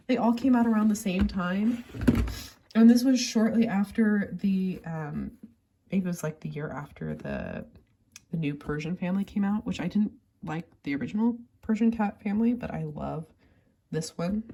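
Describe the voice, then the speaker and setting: A woman talking casually and rambling about her toy collection with many fillers, sounding a little sick and pausing to cough. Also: mid-range voice, dark tone. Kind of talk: casual chat.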